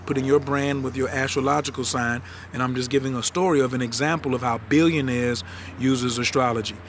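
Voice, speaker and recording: A man coaching viewers on a live stream. He talks fast and with animation, in slang. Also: on the high side, a bit bright, a little hiss or hum. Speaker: astrology and branding coach. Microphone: phone livestream.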